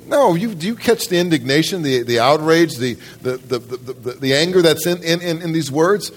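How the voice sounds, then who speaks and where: This man's voice is slightly high and expressive, moving at normal speed with few pauses. Preaching to his church congregation, the pastor speaks emphatically, often starts his sentences over, and questions his listeners directly.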